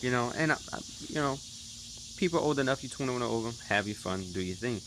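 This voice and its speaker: A man's voice: medium pitch, lively intonation, quick pace, a bit bright, slight background noise. A man in his thirties chatting casually to his viewers in a vlog recap. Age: 30s. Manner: chatty, talks straight to viewers. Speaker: vlogger.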